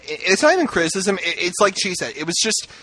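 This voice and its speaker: A man co-hosting a casual discussion, worked up and ranting. His voice is bright and forceful, a bit higher than most men's. He bursts into high, loud voices when he acts out quotes. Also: very animated, quick pace, dry recording, rough recording. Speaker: podcast co-host. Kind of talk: casual chat.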